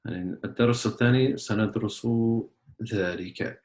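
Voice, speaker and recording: A man teaching a class, patiently explaining words step by step and often clearing his throat. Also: fairly low pitch, quick pace, reverberant. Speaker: Arabic teacher. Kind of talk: online class lesson.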